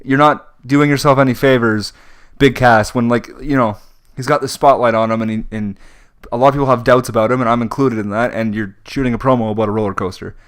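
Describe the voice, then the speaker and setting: Smooth-voiced young man ranting casually. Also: medium pitch, fairly even intonation, fast talker, a bit bright. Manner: frustrated ranting with frequent fillers. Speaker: podcast co-host. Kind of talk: casual wrestling chat.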